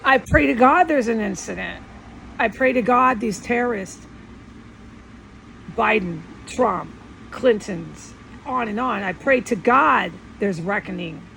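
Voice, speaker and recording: A woman's voice: on the high side, animated, slow, vocal fry, fairly bright tone, slight background noise, poor audio. A woman talking at home in a rambling, defensive monologue, insisting on her points again and again. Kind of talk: casual monologue vlog.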